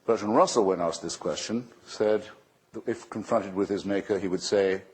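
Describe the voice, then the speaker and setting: A man's voice: on the low side, moderate pace, slight background noise. A man speaking on stage in a playful, mocking way, firing off rhetorical questions.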